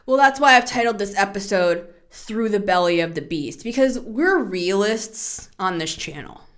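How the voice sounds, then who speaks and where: A woman in her thirties hosting a tarot podcast, talking in a casual, chatty way, animated, laughing and swearing freely. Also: medium pitch, moderate pace. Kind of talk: casual spoken tarot reading.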